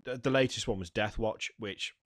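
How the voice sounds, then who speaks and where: Guy, lowish voice, reads headlines then rants and swears, super dry close mic. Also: moderate pace, no room sound. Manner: reads news aloud, swears, breaks off into asides. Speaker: podcast host. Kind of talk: casual news chat.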